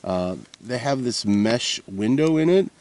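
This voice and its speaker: A man's voice: mid-range voice, lively intonation, unhurried, darkish tone. A man rambling casually at a winter forest camp, meandering with lots of uhs and restarts. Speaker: vlogger.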